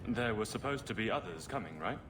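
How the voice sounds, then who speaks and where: A man's voice: fairly low pitch, lively intonation, fast talker, big-room sound, noisy background, natural voice. An actor playing a nervous, polite male guardsman in a fantasy game who speaks hesitantly. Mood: awkward. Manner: hesitant, awkward.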